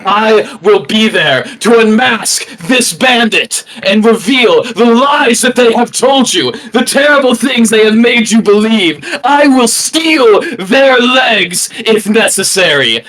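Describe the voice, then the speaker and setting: A man playing a boastful heel wrestler, a thieving bandit, cutting an improvised wrestling promo with shouted threats. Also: sits high, animated, slow, few pauses, full character voice, rough recording. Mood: boastful, menacing.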